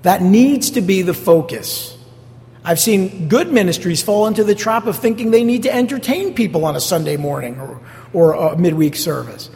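A man's voice: high voice, normal speed, a little mellow. A male pastor preaching a sermon, emphatic, repeating key phrases and asking the congregation rhetorical questions. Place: church sanctuary. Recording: long church hall reverb.

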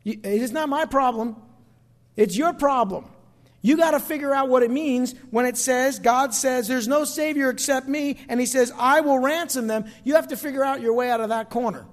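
A man's voice: extremely high pitch, moderate pace, big-room sound. A middle-aged male pastor preaching a sermon, emphatic, calling out to the congregation for responses. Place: church sanctuary.

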